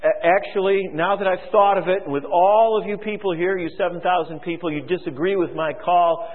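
A man's voice: high-pitched, fairly even intonation, a little fast, long reverb tail, phone-quality sound, natural voice. A man voicing a hockey referee who apologizes and gives in to the crowd. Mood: mock apologetic. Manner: hesitant, apologetic.

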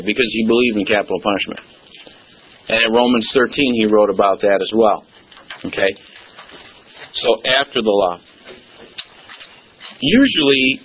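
A man's voice: mid-range voice, slight background noise. Preacher man on a tinny recording. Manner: emphatic, folksy preaching with repeated "okay?". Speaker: pastor. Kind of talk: sermon.

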